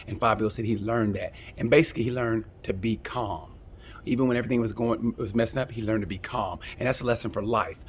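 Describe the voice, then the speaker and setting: A man's voice: lowish voice, fairly even intonation, quick pace, a little hiss or hum. A man hosting a casual, comedic race review, rambling and joking with frequent restarts. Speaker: motorsport review host.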